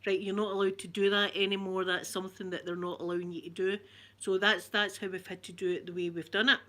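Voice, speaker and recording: A woman's voice: mid-range voice, level tone, fast, fairly bright tone. A woman with a broad Glaswegian accent, hosting a casual live-stream chat, greeting viewers by name and laughing often. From Scotland. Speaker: ASMR channel host.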